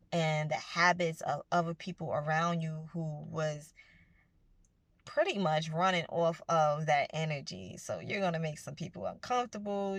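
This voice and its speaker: A woman's voice: sits low, moderate pace, no echo. A woman giving a casual, earnest motivational talk to her viewers, speaking conversationally about spiritual growth. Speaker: self-help vlogger.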